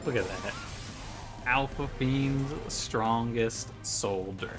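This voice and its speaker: A man in a room at home by a window takes it slowly as he plays a video game, his mid-range voice delivering wry jokes and mock trash-talk. Game music plays in the background of this gameplay commentary.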